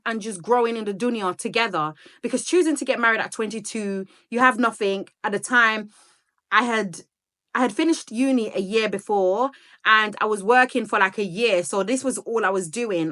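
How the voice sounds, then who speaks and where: A woman's voice: mid-range voice, fairly bright tone. A talkative woman in her thirties from Sierra Leone, chatting casually and rambling to her viewers in a vlog. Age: 30s. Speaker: vlogger. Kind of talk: casual chat to camera.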